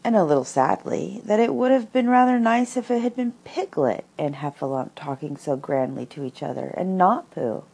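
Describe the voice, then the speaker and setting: Low-voiced woman reading a storybook. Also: lively intonation, normal speed, gravelly, hardly any pauses, a little mellow, breathy edge. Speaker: reader.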